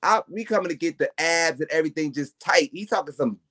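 Animated, swearing podcast man ranting. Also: on the high side, quick pace. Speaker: podcast co-host. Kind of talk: casual chat.

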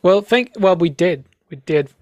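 Podcast guest: young Irish man, blunt and casual, high-ish voice, dry sound. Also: animated, measured pace, a little mellow, no echo. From Ireland. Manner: blunt, chatty, many fillers.

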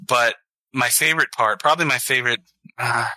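Casting: man, podcast co-host, bright edgy voice, dry mic, excitable casual movie chat. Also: medium pitch, a little fast, dry recording, rough recording. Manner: enthusiastic, swears, acts out scenes in quotes.

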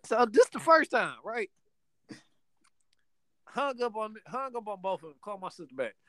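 A man's voice: high voice, big pitch swings, moderate pace, a bit bright, no room sound. A man, hosting a podcast and casually telling a profane story full of acted-out voices. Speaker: podcast host.

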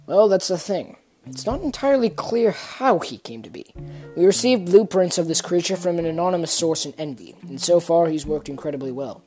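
A woman voicing Morpheus, a masked male scientist who speaks in a measured, formal way. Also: on the low side, expressive, dark tone, faint music behind, natural voice.

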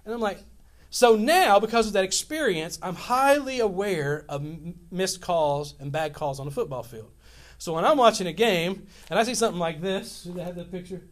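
Animated high-voiced male pastor preaching. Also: normal speed. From Louisiana, US. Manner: animated storytelling, rambling restarts. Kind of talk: sermon.

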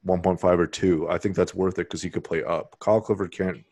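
A man with a very deep voice co-hosts a casual podcast over a video call. He argues his points in an opinionated way, full of halting restarts. The sound is dry and close. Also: steady tone, darkish tone, dry recording. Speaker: podcast co-host. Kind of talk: casual chat.

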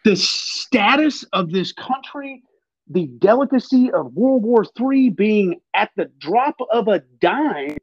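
A fairly high-voiced man rants emphatically and with plenty of swearing, like a podcast host. The sound is dull and lo-fi, with a dry, close room. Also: animated, slow, no room sound. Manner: emphatic, profane, ranting. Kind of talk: casual political chat.

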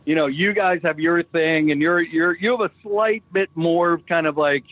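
A man from Brockton telling a story in casual chat, animated and profane. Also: fairly high pitch, normal speed, no echo, highs cut off. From Brockton, Massachusetts.

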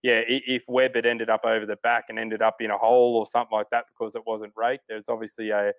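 A man's voice: fairly low pitch, flat delivery, fast talker, no room sound. A man chatting casually as a golf podcast co-host, rambling with lots of fillers and restarts. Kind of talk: casual sports chat.

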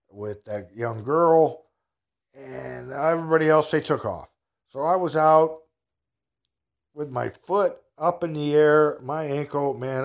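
A man telling a casual personal anecdote in a folksy, rambling way, chuckling at his own story. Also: mid-range voice.

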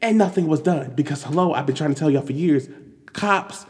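A man giving casual, animated commentary on news, exasperated and full of restarts and fillers. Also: fairly high pitch, a little fast. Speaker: commentary vlogger. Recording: long hall reverb.

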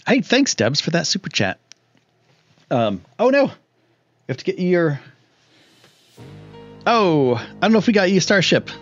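Excitable male live-stream host, lo-fi sound. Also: unhurried, long pauses, faint music behind. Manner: excitable, rambling, lots of fillers, jumps high when thrilled. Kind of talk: casual live-stream chat. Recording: dull lo-fi stream audio.

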